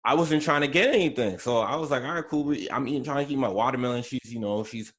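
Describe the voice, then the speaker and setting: A man's voice: medium pitch, quick pace, a bit bright. Laid-back young man talking slang. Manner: laid-back, slangy, full of "you know" fillers. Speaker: podcast host. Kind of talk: casual chat.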